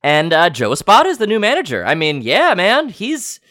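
A man's voice: high voice, huge pitch swings, normal speed, pushed and bright, dry recording, clean studio sound. A man hosting a comedic sports-headline podcast, rambling and playfully clueless, with lots of fillers and restarts. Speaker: podcast host.

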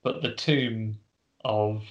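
A man's voice: fairly low pitch, fairly even intonation, takes it slowly, lo-fi sound. A man co-hosting a casual podcast, chattily retelling a film's plot. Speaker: podcast co-host. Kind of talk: casual film recap.

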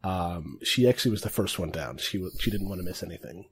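A man's voice: low-pitched, fast talker, slightly rough. A man acting as game master, describing characters in an easygoing, rambling way with many fillers. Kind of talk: narrating a tabletop game.

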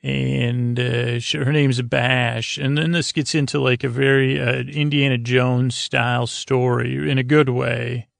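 Flat, gravelly man rambling a recap. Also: medium pitch, a little slow, hardly any pauses, no room sound, clean studio sound. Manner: meandering, hesitant, full of fillers. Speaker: podcast host. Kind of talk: rambling episode recap for sleep.

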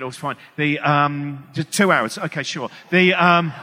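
A man's voice: on the high side, normal speed, hardly any pauses, bright, forceful tone, long reverb tail, a little hiss or hum. A male English comedian talking to a live audience on stage, rambling and self-deprecating with many restarts. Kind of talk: stand-up style talk to a live audience.

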